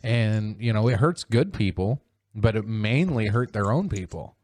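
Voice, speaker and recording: A man hosting a casual podcast, rambling and swearing, mocking others in sudden high-pitched voices. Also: lively intonation, a little slow, a little mellow, no echo. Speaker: podcast host.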